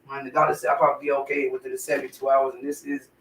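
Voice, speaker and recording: An older woman with a hoarse, congested throat, chatting warmly and ramblingly to her livestream viewers from her home kitchen. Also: a bass voice, flat delivery, racing. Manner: chatty, rambling, heartfelt, talks straight to chat. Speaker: livestream cooking host. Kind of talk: casual livestream chat to viewers. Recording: voice distant from the mic.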